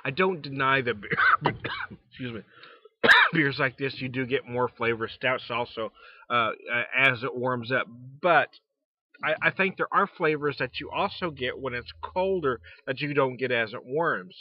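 A man's voice: medium pitch, lively intonation, normal speed, no echo, muffled recording. A man reviewing beer in a casual vlog, rambling with restarts and speaking frankly, with some mild swearing. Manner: rambling, frequent restarts and fillers; frank, mildly profane.

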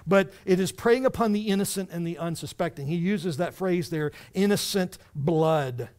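A man pastor preaching a sermon in a church, animated and conversational, with wry asides to the congregation. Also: high voice, a little fast, few pauses. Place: church sanctuary.

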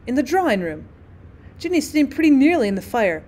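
A woman's voice: sits high, big pitch swings, brisk, a little mellow. A young woman reading a classic short story aloud as a teacher, voicing the dialogue expressively.

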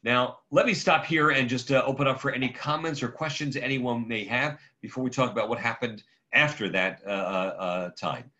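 A man's voice: mid-range voice, sharp tone. A man, a rabbi, giving a conversational lecture over a video call and taking questions from the audience by name. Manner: halting, digressive, takes questions by name. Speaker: rabbi leading a class. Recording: muffled lo-fi online audio.

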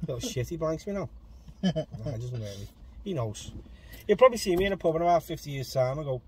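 A man's voice: a little high, animated, fast talker. Rambling man telling stories in a car. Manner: rambling, swears casually, fillers like "blah, blah". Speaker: podcast co-host. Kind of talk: casual storytelling chat. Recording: loud road noise in a car.

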